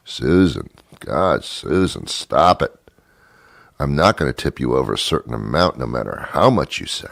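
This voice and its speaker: A man's voice: very deep voice, big pitch swings, moderate pace, vocal fry, a bit bright, no echo, studio quality. A man hosting a talk show in a sarcastic, rambling comedic monologue, mock-scolding and joking at his own expense. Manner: self-mocking asides. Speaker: radio talk show host.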